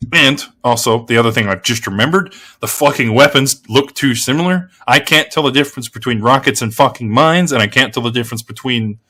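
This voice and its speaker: A bright, sharp-voiced Australian man tears into a video game in an off-the-cuff rant. He swears constantly and loses his thread, then picks it up again. His pitch stays mid-range for a man. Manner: heavy swearing, blunt and exasperated; rambling with frequent restarts. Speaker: gaming video creator. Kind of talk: casual game review rant.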